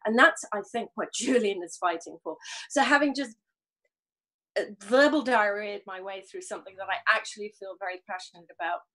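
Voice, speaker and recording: A woman's voice: mid-range voice, fairly quick, sharp tone, poor audio. A woman speaking in a live online discussion, earnest and rambling, with frequent restarts and fillers. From grew up on film sets. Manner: rambling, earnest, swears and laughs it off. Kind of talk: passionate casual talk.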